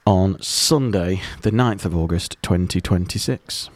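A man's voice: deep voice, unhurried. A man presenting a radio show, chatting casually and teasing his co-host with dry quips.

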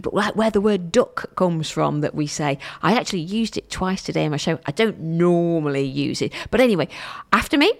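Woman radio host, lively rambling chat. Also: on the low side. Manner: chatty, rambling, self-correcting. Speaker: local radio presenter.

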